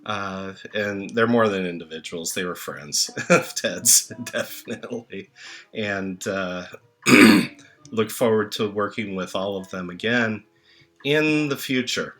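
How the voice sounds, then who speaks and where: A man speaking a memorial tribute, slow and halting with many filler pauses, songs playing in the background. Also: fairly low pitch. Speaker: channel host reading tributes. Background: soft music.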